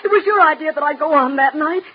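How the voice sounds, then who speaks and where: An actress playing a desperate, tearful young aspiring actress in a 1940s radio drama, pleading with a breathless, emotional delivery. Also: female voice, high voice, quick pace, lightly acted. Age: young adult. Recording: muffled old radio recording.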